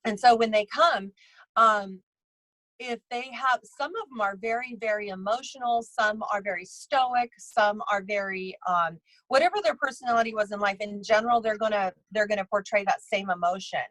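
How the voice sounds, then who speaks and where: Woman, mid-pitched, rambling casual storyteller, lots of restarts, dry close sound. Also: normal speed, fairly bright tone, no room sound, poor audio. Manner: rambling, with many restarts and fillers; acts out other people's lines in her stories. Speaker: psychic medium and bridal tailor, podcast guest.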